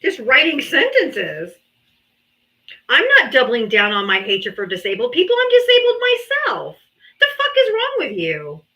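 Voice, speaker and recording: A woman hosts a heated live debate stream, venting at critics with open mockery and plenty of swearing. Her voice sits fairly high and leaps around animatedly, with a bright, sharp edge. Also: low-quality recording. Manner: mocking, profane, exasperated. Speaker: livestream host.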